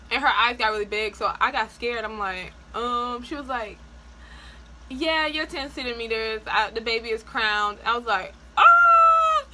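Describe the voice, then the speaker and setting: Woman vlogger, bright and slightly high, chatty and animated storyteller. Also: a little hiss or hum, low-quality recording. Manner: chatty, animated, frequent "like" and laughs. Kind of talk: casual personal storytelling.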